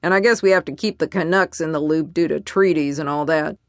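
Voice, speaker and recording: A woman voicing a brash, loudmouthed male military colonel who barks orders. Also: low-pitched, a little fast, dry recording, studio quality. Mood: scornful. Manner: barking, commanding.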